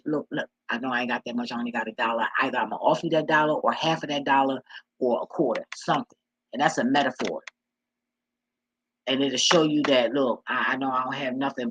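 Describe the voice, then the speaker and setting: Blunt, husky vlogger. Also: mid-range voice, fairly bright tone, no echo, low-quality recording. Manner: blunt, profane, preachy street talk. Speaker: vlogger giving life advice. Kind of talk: casual monologue.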